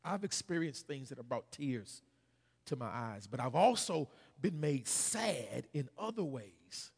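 A man preaching a sermon as pastor, calling on the congregation to respond and building to shouted climaxes. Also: mid-range voice, sing-song, measured pace, creaky, breathy edge. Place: church sanctuary. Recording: long hall reverb.

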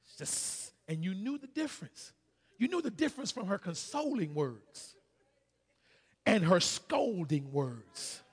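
A man preaching a sermon as pastor, calling on the congregation to respond and building to shouted climaxes. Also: high voice, very animated, unhurried, husky. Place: church sanctuary. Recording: long hall reverb.

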